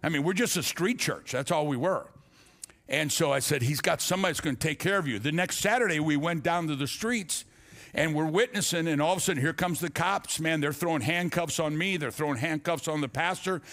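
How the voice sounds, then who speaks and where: A man's voice: fairly high pitch, brisk, fairly bright tone. An older man, a pastor, telling a personal story in a sermon, acting out the dialogue with frequent restarts and stammers.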